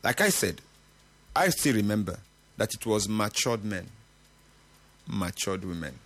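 A husky-voiced middle-aged man hosts a morning radio talk show. He speaks earnestly and with emphasis, and his pitch swings widely as he makes his points. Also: animated, a little slow, fairly bright tone. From Nigeria. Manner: earnest, emphatic, with occasional laughs. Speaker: radio host.

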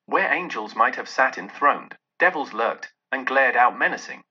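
A man narrating a classic tale in a theatrical, expressive way, his voice husky but bright and piercing. His pitch swings widely, and the recording sounds dull and lo-fi. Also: normal speed. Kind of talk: dramatic storybook narration.

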